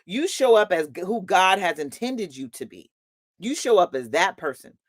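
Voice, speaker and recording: A woman's voice: on the low side, sing-song, normal speed, dry recording. A woman hosting a motivational live talk who laughs often and calls her listeners honey and y'all. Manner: laughs often between points. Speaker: host and motivational coach.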